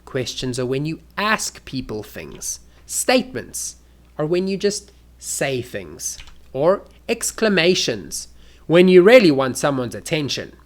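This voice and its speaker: An English teacher giving a lesson to learners in a clear, deliberate way and acting out spoken examples. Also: mid-range voice, sing-song.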